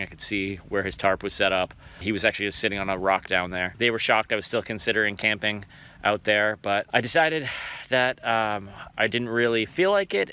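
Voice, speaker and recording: A man's voice: lowish voice, sharp tone, clear, resonant tone. A man filming himself on a hike outdoors, giving casual, wry running commentary. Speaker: hiker filming his trip. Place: outdoors on a forest trail.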